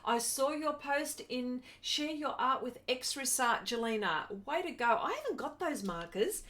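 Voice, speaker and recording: A fairly high-voiced Australian woman chats her way through an art live stream. Her talk is loose and friendly, and her voice jumps up brightly whenever she greets a viewer by name. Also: expressive, measured pace. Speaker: art livestream host. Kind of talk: casual live stream chat while drawing.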